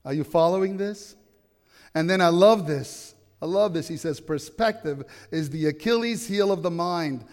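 A man's voice: a little high, moderate pace, darkish tone. Emphatic male pastor in a reverberant hall. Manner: emphatic, asks the congregation questions. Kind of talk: sermon. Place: church.

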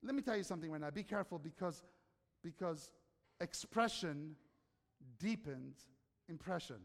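A man's voice: on the high side, animated, normal speed, vocal fry. A man preaching a sermon in a conversational way, asking the audience questions and acting out quotes. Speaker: pastor. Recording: long hall reverb.

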